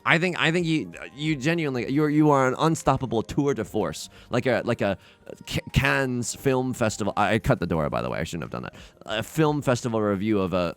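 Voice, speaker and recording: A young man casually commenting on his own game play, rambling and self-mocking with frequent restarts. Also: medium pitch. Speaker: let's play host.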